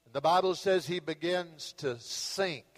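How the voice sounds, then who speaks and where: A man delivers a sermon as pastor, retelling scripture in an animated storytelling manner. His voice sits high for a man. The sound carries a long hall reverb. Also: a little slow. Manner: storytelling, acts out Bible scenes with rising and falling intensity.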